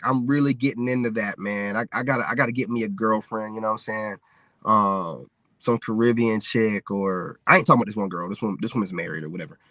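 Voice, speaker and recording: Forceful and bright in the mid-range, this American streamer goes on a casual, unfiltered livestream rant. He rambles, repeatedly saying "man" and "you know what I'm saying," in a clean, echo-free studio recording.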